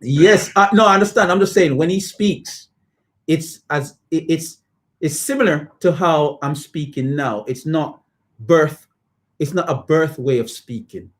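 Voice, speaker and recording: A man in a casual podcast discussion, animated and stammering at times, slipping into patois to make a point. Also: a little high, unhurried.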